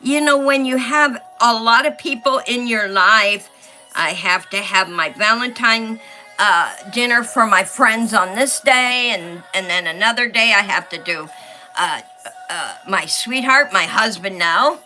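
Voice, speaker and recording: A woman's voice: fairly high pitch, a little slow, pushed and bright, faint music behind. A middle-aged woman, hosting a casual livestream and reading viewer comments aloud as she chats. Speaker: livestream host. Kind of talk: casual livestream chat while coloring.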